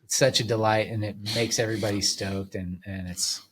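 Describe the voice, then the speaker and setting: A middle-aged man talks as a podcast guest in a loose, rambling way, leaning on filler words. His voice is on the low side. He sounds relaxed and easygoing. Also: fairly quick, a little hiss or hum. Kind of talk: casual chat.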